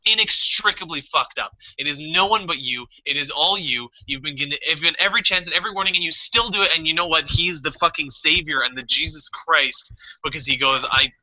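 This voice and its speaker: Bright-voiced man telling a story, lo-fi. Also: on the high side, fairly quick. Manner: animated, swearing, acts out his own past panic. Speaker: podcast co-host. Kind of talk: casual storytelling chat. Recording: dull lo-fi podcast audio.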